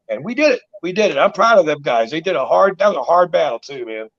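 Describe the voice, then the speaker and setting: Folksy cussing guy, high gravelly voice, muffled lo-fi sound. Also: sing-song, fast, few pauses. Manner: folksy, profane, emphatic storytelling. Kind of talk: casual chat.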